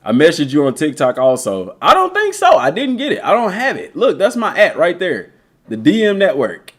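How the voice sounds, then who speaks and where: Young male streamer, lively and slangy, a little worn-out voice, pitch leaning high, swings up and down a lot. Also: moderate pace. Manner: animated, slangy, reads chat aloud. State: voice a bit worn. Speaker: gaming live streamer. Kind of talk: casual live-stream chat.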